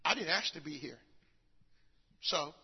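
An older man preaching a sermon, telling folksy stories with acted-out quotes and rising to shouts. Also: fairly high pitch, expressive, measured pace, slightly rough, long reverb tail, dull audio.

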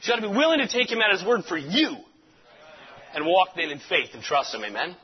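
Animated male preacher, high and breathy, storytelling style, muffled lo-fi sound. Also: a little fast. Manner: animated storyteller, repeats amen. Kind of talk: sermon.

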